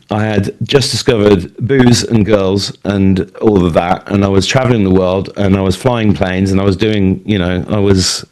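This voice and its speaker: A man's voice: low voice, darkish tone. A British man in his fifties telling personal stories in a rambling, candid way, often restarting his sentences. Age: 50s. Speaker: guest speaker. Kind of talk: personal storytelling talk.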